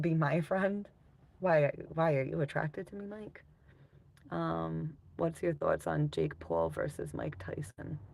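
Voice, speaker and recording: A woman's voice: low-pitched, creaky, darkish tone. A woman casually chatting with viewers on a livestream, rambling loosely and swearing often while reading out comments.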